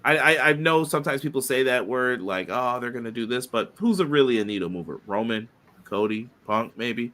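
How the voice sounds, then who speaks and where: A man's voice: medium pitch, animated, brisk, fairly bright tone. A man co-hosting a casual podcast, chatting loosely and reading viewer comments aloud. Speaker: podcast co-host.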